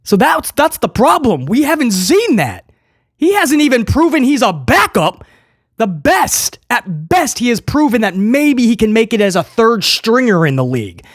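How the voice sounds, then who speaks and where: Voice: mid-range voice, sing-song, normal speed, no room sound, studio quality. A football fan giving a casual, sarcastic game review monologue as the show's host. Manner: sarcastic, joking and exasperated.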